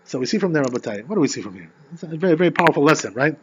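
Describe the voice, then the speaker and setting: A man who is a rabbi teaching an informal Torah class, animated and constantly checking in with "you know" and "right?". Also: fairly high pitch, racing, highs cut off, noisy background.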